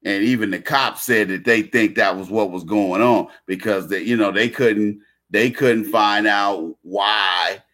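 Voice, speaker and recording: A man's voice: lowish voice, unhurried, few pauses, bright, forceful tone. A man delivering a casual monologue rant, blunt and slangy, repeating himself and restarting phrases.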